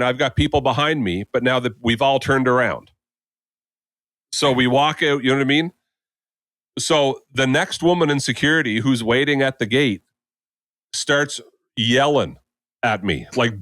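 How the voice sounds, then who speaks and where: A man's voice: mid-range voice, normal speed, pauses often, no room sound. Guy on a podcast telling a long airport story, casual, dry close sound. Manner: animated, acts out quoted people. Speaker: podcast co-host.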